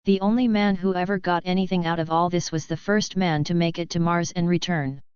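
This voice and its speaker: Cynical young cadet read by a woman, lazy drawl, very clear, lowish pitch, lo-fi. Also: steady tone, brisk, a little mellow, no room sound, lightly acted. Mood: sardonic.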